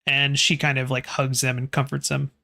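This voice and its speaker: A man in the game master's seat, narrating a tabletop horror session at an easy, conversational pace. He talks the scene through casually and stops now and then to check his notes and turn to his players. His voice sits at an ordinary middle pitch. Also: monotone, normal speed, gravelly, sharp tone.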